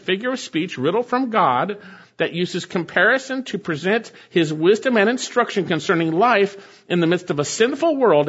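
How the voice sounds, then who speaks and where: A man's voice: a little high, a bit bright, slightly rough. A man preaching a sermon, reading scripture aloud and explaining it with emphatic, rhetorical questions to his congregation. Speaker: pastor. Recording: dull lo-fi recording.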